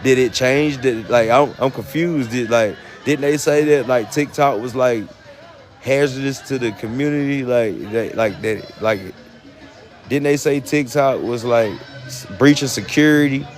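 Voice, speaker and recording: A man's voice: mid-range voice, unhurried. Rambling Southern man on a live stream. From United States. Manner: rambling, full of fillers and laughs. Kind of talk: casual live-stream talk. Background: music.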